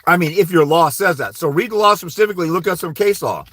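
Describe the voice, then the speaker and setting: A man's voice: sits high, fast talker, a bit bright. Blunt, profane man on a livestream. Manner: blunt, profane, tells anecdotes with quoted dialogue. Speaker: host of a fathers' rights livestream. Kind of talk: casual livestream advice.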